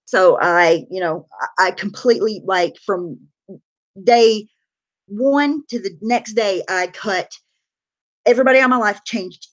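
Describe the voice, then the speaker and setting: A woman's voice: medium pitch, a little slow, pauses often, muffled recording. A woman talks straight to her livestream chat in a loose, casual way. She is candid and blunt, swears freely, and fills her sentences with "you know" and "like.". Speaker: livestreamer sharing her recovery story.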